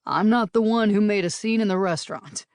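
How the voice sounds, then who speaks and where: A woman's voice: mid-range voice, fairly quick, darkish tone, dry recording, clean studio sound, voice pushed up, natural voice. A woman narrator voicing a fit, well-off young man who speaks curtly through his temper. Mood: apologetic. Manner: curt, clipped.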